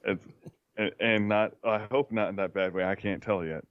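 A man's voice: fairly low pitch, steady tone, clear, resonant tone, dry recording, muffled recording. A man chatting casually who tells wry stories, stopping and restarting often. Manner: halting, many restarts, wry storyteller. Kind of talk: casual chat.

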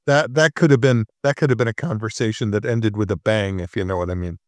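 A man's voice: lowish voice, quick pace, no room sound. A man in his sixties chatting casually as a co-host, telling stories about himself with dry, self-mocking humor. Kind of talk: casual chat.

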